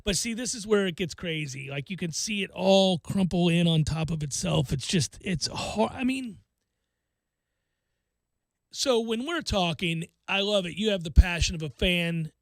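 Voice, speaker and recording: A man hosting a sports talk radio show, excitable and animated, acting out quotes and laughing often. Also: sits high, unhurried, creaky, dry recording.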